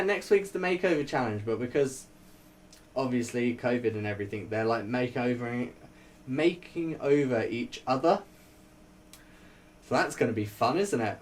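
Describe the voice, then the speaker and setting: A man chats through his thoughts in a loose, rambling way, leaning on fillers and breaking into little laughs. His voice sits at an ordinary middle pitch. The mic is set slightly away from him, so he sounds a touch distant. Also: lively intonation, moderate pace. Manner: chatty, rambling, laughs often, many fillers. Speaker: vlogger reviewing a TV show. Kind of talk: casual spoken review.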